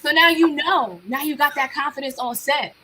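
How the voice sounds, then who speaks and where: High, bright-voiced animated woman storyteller. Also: normal speed, slight background noise. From New Jersey. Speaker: guest artist. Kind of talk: casual interview chat.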